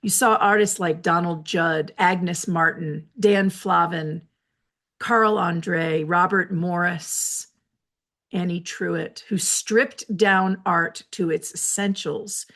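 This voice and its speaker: A woman hosting a reflective solo talk from her office, explaining ideas in a measured, lecturing way with personal asides. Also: on the low side, vocal fry, a bit bright. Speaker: host.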